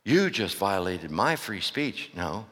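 A man preaching a sermon to his church. He swings from loud, impassioned outbursts to hushed asides and keeps asking the congregation rhetorical questions. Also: low voice, sing-song, slow. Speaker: pastor. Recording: long reverb of a large hall.

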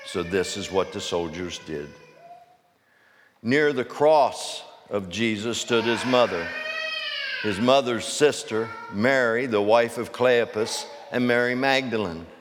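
A man preaching a sermon, reading scripture slowly and deliberately, then pressing a string of urgent questions. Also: on the low side, big-room sound, background noise.

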